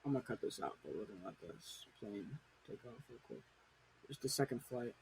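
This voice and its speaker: A teenage boy chatting casually and telling a rambling story in a soft, mumbled way. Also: on the low side, lively intonation, brisk, vocal fry, slight background noise. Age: teens. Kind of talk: casual chat.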